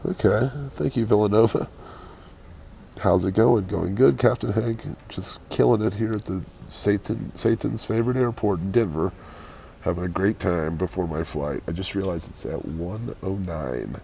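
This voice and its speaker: A hungover man chatting casually with his live-stream viewers from an airport, keeping his voice quiet and low. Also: normal speed, creaky, a little hiss or hum. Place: airport waiting area.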